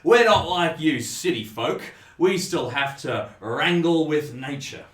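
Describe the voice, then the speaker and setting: A man's voice: fairly high pitch, expressive, measured pace, pitched above the performer's own voice. A man voicing a boastful, folksy rural truck driver with a drawling manner. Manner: folksy, drawling, drinks and burps. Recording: roomy echo.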